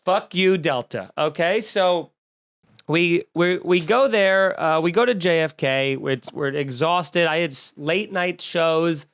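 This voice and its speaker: A man hosting a comedy podcast, telling stories in a snarky, rambling, animated way. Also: a little high, takes it slowly, clear, resonant tone. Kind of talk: casual comedic rant.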